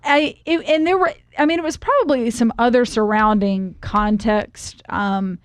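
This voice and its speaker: A woman's voice: fairly high pitch, normal speed, no room sound. A young woman co-hosting a podcast, talking things through thoughtfully and often starting her sentences over. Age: young adult. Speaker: podcast co-host. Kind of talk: casual podcast chat.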